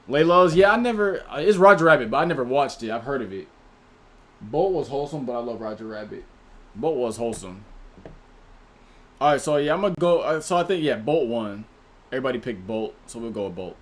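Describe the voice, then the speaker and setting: A man hosts a relaxed livestream and talks straight to his chat. He reads viewers' names and their picks one after another in a loose, slangy way. His voice sits at an ordinary middle pitch for a man. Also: quick pace. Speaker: livestream host.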